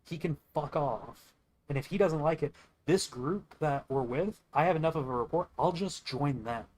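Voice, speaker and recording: A man's voice: on the high side, normal speed, a little mellow, low-quality recording. Young male streamer, casual and profane, tells a long rambling story while playing. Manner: rambling, profane, quotes others mid-story.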